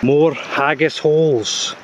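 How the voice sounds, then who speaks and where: Slow deadpan man outdoors. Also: a little high. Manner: short clipped deadpan phrases. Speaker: tour guide. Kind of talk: deadpan mock-documentary narration. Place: woodland outdoors. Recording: outdoor noise behind the voice.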